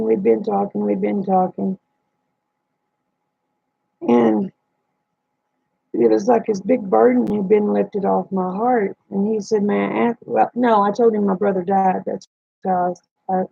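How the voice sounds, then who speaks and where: A woman with a medium-pitched, slightly rough voice and vocal fry hosts a livestream, recorded with a dull, lo-fi, dry sound. She tells a personal story plainly, retelling the dialogue.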